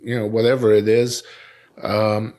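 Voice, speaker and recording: A man's voice: fairly low pitch, little pitch movement, darkish tone. Rambling man with a Russian accent. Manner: rambling, halting, many fillers and restarts. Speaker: editor and podcast host. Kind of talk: casual conversation.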